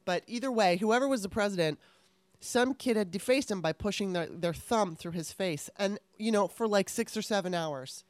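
A woman in casual chat, telling stories in an animated way and laughing often. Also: mid-range voice, normal speed, no echo.

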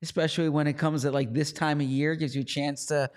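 A man's voice: fairly high pitch, flat delivery, fast talker. A man co-hosting a casual sports talk show, chatty and rambling, often restarting his sentences. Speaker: co-host and team reporter.

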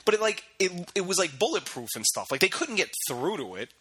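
A man's voice: high voice, big pitch swings, a little fast, bright, forceful tone, breathy edge. A young man chatting casually with friends, rambling through loose sentences full of "like" and often breaking into laughs. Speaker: co-host in a chat among friends. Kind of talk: casual chat.

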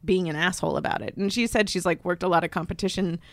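A woman co-hosting a podcast, telling a story in casual chat and acting out the people she quotes in higher voices. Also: quick pace, no echo. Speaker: podcast co-host. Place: podcast studio.

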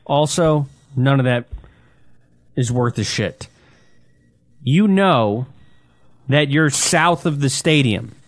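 A man's voice: fairly high pitch, no room sound. A man, co-hosting a casual sports podcast and teasing his friend bluntly and in disbelief. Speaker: podcast co-host.

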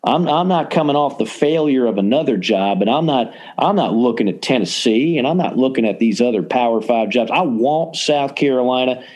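A brash, cocky Southern college football coach , as a podcast host puts him on. He drawls in a put-on Southern accent at a mock press conference, bragging about his record and getting defensive. His voice sits at an ordinary male pitch. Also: expressive, moderate pace, hardly any pauses, a little mellow, lightly acted. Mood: boastful.

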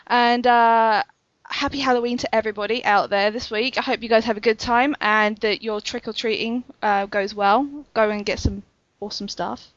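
A woman's voice: fairly high pitch, steady tone, moderate pace, dry recording, highs cut off. A woman hosting a casual gaming podcast, chatty and full of fillers, laughing often. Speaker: podcast host. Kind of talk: casual chat.

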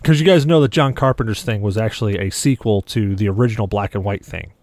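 A man's voice: on the low side, fast talker, darkish tone, no echo. A man co-hosting a casual podcast chat, rambling through stories and swearing freely. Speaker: podcast co-host.

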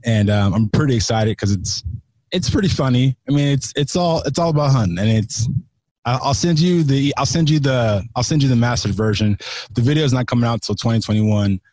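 Talking fairly quickly in a slightly mellow, mid-range voice, this Californian man is a guest on a podcast, with no echo on the recording. His casual chat is slangy, full of swearing, and marked by restarted sentences.

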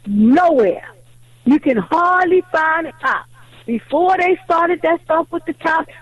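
A woman caller on a talk radio show tells her story with animated indignation. Her voice is very high, and the sound is close and dry. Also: no echo, lo-fi sound.

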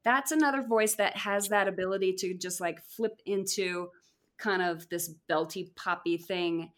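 A woman's voice: medium pitch, a little slow. A woman who performs in musicals, chatting and gushing as a podcast guest, with lots of fillers. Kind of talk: casual chat.

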